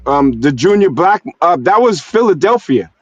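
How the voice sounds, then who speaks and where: A man's voice: a little high, big pitch swings, moderate pace, no echo. A man from New York City hosting a casual streamed talk, telling stories in loose slang and often adding "you know what I'm saying.". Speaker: stream host. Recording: dull, dry streamed audio.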